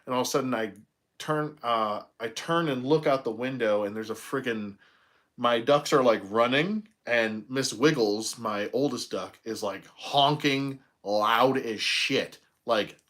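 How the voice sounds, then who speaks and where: A man's voice: mid-range voice, fairly bright tone. A man chatting casually while unboxing toys at home, rambling through stories and laughing often. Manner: rambling storyteller, laughs often, drawn-out pauses. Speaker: toy collector reviewer. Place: home room.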